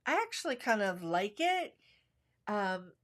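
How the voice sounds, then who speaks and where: Brief: middle-aged woman, warm chatty art teacher, talks through each brushstroke, steady mid pitch. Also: unhurried. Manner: chatty, explains each step while working. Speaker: watercolor instructor. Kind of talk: live painting demonstration.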